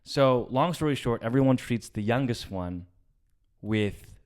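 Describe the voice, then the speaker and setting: A young adult man co-hosting a comedy podcast, telling a family story in casual chat, swearing often and trailing off softly. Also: medium pitch, animated, unhurried. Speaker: podcast co-host.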